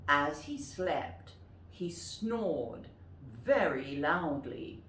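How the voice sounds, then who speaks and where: A woman teacher reading a children's storybook aloud, slow and expressive, inviting the children to repeat the lines. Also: low voice, roomy sound, slight background noise, poor audio.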